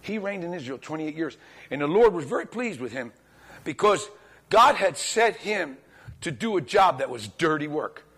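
A man preaching a sermon to a congregation in church, telling the story in a lively, colloquial way and acting out the dialogue. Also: fairly high pitch, normal speed, husky. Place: church, speaking before a congregation.

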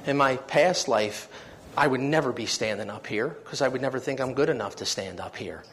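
A man's voice: medium pitch, a little fast, fairly bright tone, a little hiss or hum. A man preaching a sermon, telling his own story in an earnest, heartfelt way that swells with feeling. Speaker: preacher giving testimony.

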